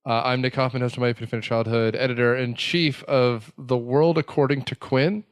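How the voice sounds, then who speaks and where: A man's voice: mid-range voice, fairly even intonation, fairly quick, clean tone, dry recording. A man hosting a casual podcast, with a dry, teasing, sarcastic manner. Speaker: podcast host.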